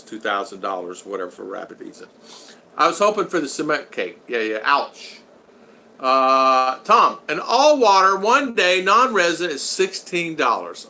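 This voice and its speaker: A man runs a casual live stream, reading comments aloud and greeting each viewer by name. His voice is bright and forceful, and a faint ambience sits behind it. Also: medium pitch, expressive, normal speed, vocal fry, slight background noise. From United States. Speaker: vlogger hosting a live stream. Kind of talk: casual live-chat talk.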